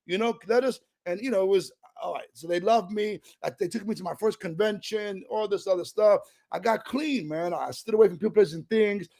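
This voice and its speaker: Gravelly high-voiced New man. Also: brisk, few pauses, darkish tone. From New York, Puerto Rican family. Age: middle-aged. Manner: streetwise, emotional, casual storytelling. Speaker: recovery speaker. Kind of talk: personal recovery talk.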